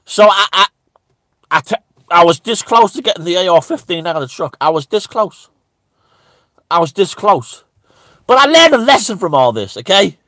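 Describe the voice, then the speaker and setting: Man acting zealous stammering preacher, high-pitched, sharp tone, indignant rant. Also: very animated, moderate pace, long pauses, no echo, full character voice. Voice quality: stammering, repeating words. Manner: rambling, indignant, breaks into high shouts. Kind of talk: satirical character monologue.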